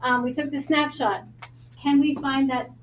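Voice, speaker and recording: Brisk, joking math teacher, woman, Long Island accent; roomy classroom sound with faint noise. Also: sits high, steady tone. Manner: brisk, joking, quizzes students.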